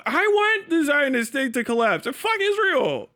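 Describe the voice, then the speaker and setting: A high-pitched man holds forth on a livestream in a heated, profane rant. He talks in a mocking, scornful way and keeps laughing at his own lines. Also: wildly swooping pitch, normal speed, few pauses, bright, forceful tone. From United States. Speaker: livestream host.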